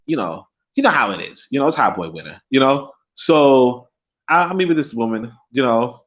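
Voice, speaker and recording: A man's voice: mid-range voice, lively intonation, normal speed, a bit bright. A young man hosting a casual livestream who rambles, swears freely, repeats himself and laughs often. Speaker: livestream host. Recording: dull lo-fi stream audio.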